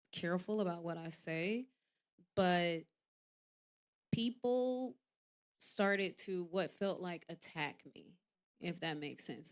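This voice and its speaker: An actress in her thirties, appearing as a guest on a talk show, tells candid stories in a conversational way. When she quotes people, her voice leaps sharply in pitch and volume, but it turns soft and low once things get serious.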